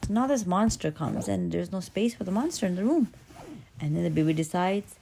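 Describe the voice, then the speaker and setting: Woman telling a kids story, playful and animated, kinda low gravelly voice. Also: brisk. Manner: animated, playful, swinging between hushed and loud. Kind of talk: telling an original children's story.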